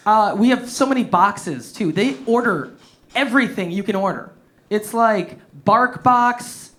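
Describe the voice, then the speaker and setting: A man's voice: sits high, a bit bright. A man headlining a stand-up comedy set on a club stage, talking into a handheld mic, swearing freely and laughing through his own punchlines.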